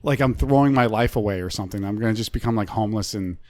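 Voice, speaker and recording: A man's voice: on the low side, very fast, darkish tone, dry recording. A man in his twenties, a guest comedian on a podcast, complaining in a loose, laid-back way. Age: 20s. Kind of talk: casual comedy podcast chat.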